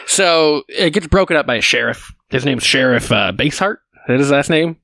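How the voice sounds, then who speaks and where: A man's voice: a little high, lively intonation, moderate pace, sharp tone, no echo. Wry podcast co-host man, dry mic. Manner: wry, critical, chuckling commentary with many fillers. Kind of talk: casual movie recap chat.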